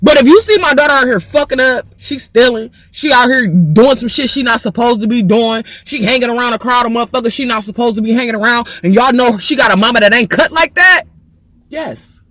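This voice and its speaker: A woman's voice: a little high, a little fast, a bit bright, no echo, clean studio sound. A woman, a parent, delivering a blunt, heated rant to camera full of cursing. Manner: blunt, profane, fired-up. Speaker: parent vlogger.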